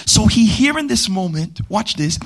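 A man pastor preaching a sermon at a church service, calling out to the congregation and rising into sung, shouted cadences. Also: high voice, very animated, normal speed, gravelly.

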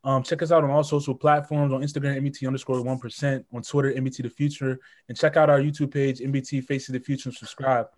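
Male podcast host, rapid delivery, chatty and animated. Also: medium pitch. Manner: quick, animated storytelling with restarts. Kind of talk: casual chat.

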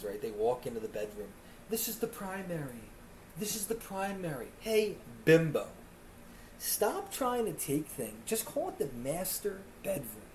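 A man's voice: fairly high pitch, a little hiss or hum. A man hosting a podcast, ranting comedically and mocking people with put-on voices. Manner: animated, mocking put-on voices when quoting others. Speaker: podcast host. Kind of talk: comedic rant. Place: Miami area.

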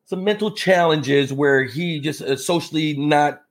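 A man telling a story as a podcast guest, acting out the people in it with lively jumps in his voice. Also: measured pace. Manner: animated, acts out quotes with big pitch jumps. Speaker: podcast guest, real estate investor. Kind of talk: casual storytelling in conversation.

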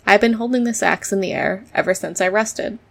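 A woman voicing a polite, sad male man made of tin, speaking slowly and courteously in a storybook reading. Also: mid-range voice, gravelly, a bit bright. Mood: plaintive.

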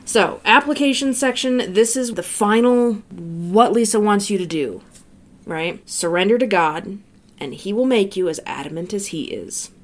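A woman co-hosting a podcast in an easy, casual way. She sums up and quotes a book with dry sarcasm. Her voice sits at an ordinary middle pitch. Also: normal speed. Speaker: podcast co-host.

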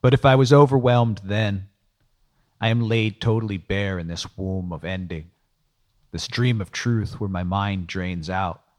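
Low-voiced man, world-weary noir audiobook narrator, dry and wry. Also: measured pace.

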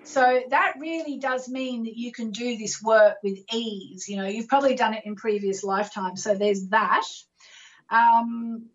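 A woman's voice: fairly high pitch, fairly even intonation, a little slow, dull audio. A woman hosting a call-in astrology show, coaching callers through affirmations in an encouraging way.

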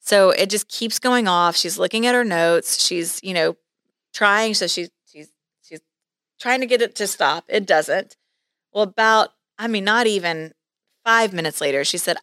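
A woman's voice: mid-range voice, measured pace, clean tone, no room sound, clean studio sound. A woman real estate agent telling a story in a casual podcast chat, acting out the voices of the people in it. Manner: animated, acts out quoted voices.

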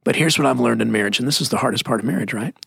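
A middle-aged man talking about faith in an emphatic, preachy way, slowing down to stress key words. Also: mid-range voice, gravelly, fairly bright tone, slightly rough, no echo, clean studio sound. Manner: emphatic, preachy, drops into slow stressed phrases. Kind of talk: conversational Christian teaching.

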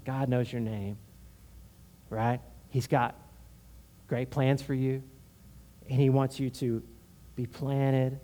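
A man's voice: mid-range voice, dark tone. A man from Houston, a pastor, preaching a conversational sermon full of personal stories and frequent "right?". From Houston, Texas.

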